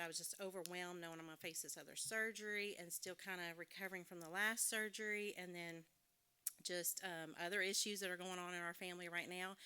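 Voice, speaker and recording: Woman, middle-aged, frank and chatty devotional speaker, clear tone. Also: fairly low pitch, pushed and bright. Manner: candid, conversational, self-deprecating humor. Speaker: conference speaker. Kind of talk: devotional talk to a women's audience.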